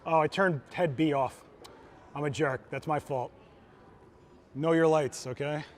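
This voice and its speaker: At a trade show, a photographer leads a live instructional demo of his gear, his male voice pitched a bit above average. He takes an unhurried, casual, enthusiastic approach, coaching listeners through every step like a warm teacher, with a little hiss or hum in the audio.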